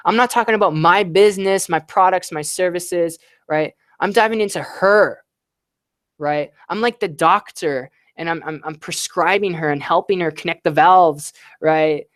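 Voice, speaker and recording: Energetic man coaching on a live stream. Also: high voice, moderate pace, no room sound, clean studio sound. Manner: energetic, repeats "right?" and "all right". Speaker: online business coach. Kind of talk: live-stream sales tips.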